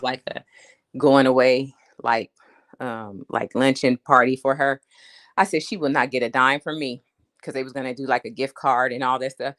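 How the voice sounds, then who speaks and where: Woman, deep voice, live stream, casual storytelling rant, blunt, chatty, laughs along. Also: a bit bright. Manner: chatty, repeats "you know what I'm saying".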